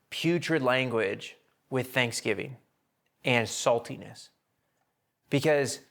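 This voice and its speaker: A man teaching a Bible study to a small group in a casual, blunt, animated way, slowing down when he reads scripture. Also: medium pitch. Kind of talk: lively Bible study talk.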